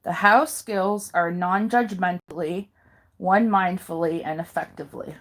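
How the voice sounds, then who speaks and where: A woman reading handouts aloud in a careful, halting way, pausing and correcting herself now and then. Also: fairly low pitch, steady tone. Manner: slow careful reading with pauses and self-corrections. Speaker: video maker.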